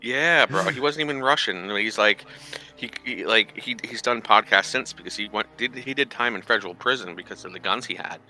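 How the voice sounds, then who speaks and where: A man's voice: on the low side, fairly quick, bright, forceful tone, faint music behind, poor audio. A man co-hosting a radio show, ranting animatedly in casual, profane chat.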